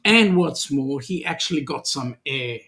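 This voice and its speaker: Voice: medium pitch, expressive, unhurried, a bit bright. A co-host with an Australian accent, chatting casually on a live stream, reading out and joking about viewer comments. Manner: jokey, chatty, greets viewers by name.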